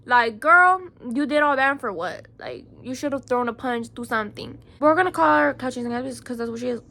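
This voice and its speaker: A woman's voice: high-pitched, expressive, a little fast, gravelly, sharp tone. A young woman with a Chicago accent telling a heated, profane storytime vlog, packed with "like" fillers. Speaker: vlogger.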